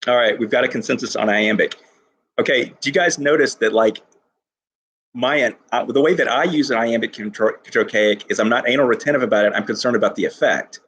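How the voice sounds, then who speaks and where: A male teacher giving an enthusiastic poetry lesson to his class, reading lines slowly and stressing each syllable. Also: mid-range voice, a bit bright, breathy edge.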